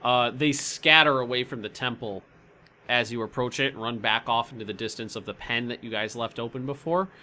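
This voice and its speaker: A man's voice: medium pitch, brisk, bright, forceful tone. A man narrating a tabletop game as dungeon master, rambling and searching for words as he describes scenes.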